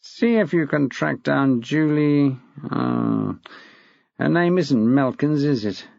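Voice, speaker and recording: A man's voice: mid-range voice, animated, takes it slowly, creaky, a little mellow, no room sound. A man playing a smug, acid head teacher. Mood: testy. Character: smug, testy middle-aged male head teacher. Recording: dull dry lo-fi recording.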